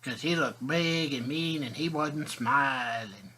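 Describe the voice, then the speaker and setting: A man's voice: mid-range voice, slow pace, sharp tone, slightly rough. A man telling a rambling, folksy comic story as a video host.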